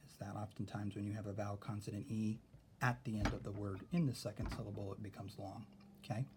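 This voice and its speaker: A man's voice: fairly low pitch, flat delivery, quick pace, noisy background. A man teaching a phonics lesson to a class, patiently sounding out vowels and syllables.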